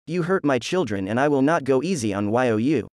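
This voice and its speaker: A man's voice: medium pitch, lively intonation, a little fast, a little mellow, dry recording, clean studio sound, natural voice. A man voicing a stern, protective old guild master who speaks with anger. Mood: angry. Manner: stern, angry.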